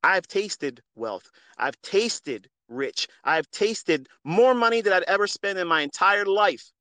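A man hosting a live audio space, speaking into a phone in an earnest, preachy, profane monologue that swings from quiet to loud. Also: high voice, lively intonation, takes it slowly, no echo. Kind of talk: impassioned unscripted monologue.

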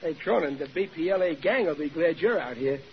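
A good-hearted, blundering husband with a thick Brooklyn accent who stumbles over his words in a flustered rush. His voice sits high. It comes through a dull, muffled 1940s radio broadcast with a faint hiss behind it. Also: lively intonation, fairly quick. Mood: blustering. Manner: stammering, flustered. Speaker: sitcom lead.

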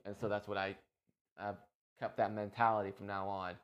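A man's voice: fairly low pitch, level tone, moderate pace, dull audio. A man talking about his day as a streamer in a casual, emotional, rambling monologue full of restarts. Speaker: streamer and podcast host.

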